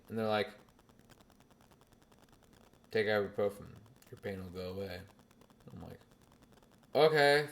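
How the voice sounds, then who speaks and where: A young man hosting his own podcast, telling a story in crude, animated casual chat and mocking other people's voices. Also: fairly low pitch. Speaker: podcast host.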